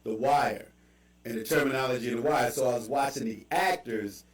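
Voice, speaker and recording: A man's voice: mid-range voice, distant mic. A man with a Baltimore accent talks loosely and animatedly, jumping between stories and asides. He sits a little off the mic, and the room gives his voice a roomy echo. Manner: animated storytelling with quick asides and laughs. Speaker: podcast host. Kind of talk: casual chat.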